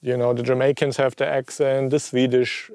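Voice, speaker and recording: A man's voice: mid-range voice, level tone, normal speed, darkish tone, no echo, clean studio sound. A man with a German accent hosting a casual chat, joking and chatty. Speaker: host.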